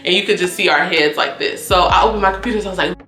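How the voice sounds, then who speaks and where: A young woman telling a casual storytime vlog, animated and profane, acting out quoted dialogue with big jumps in pitch. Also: fast talker, roomy sound, soft background music. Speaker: YouTube storyteller.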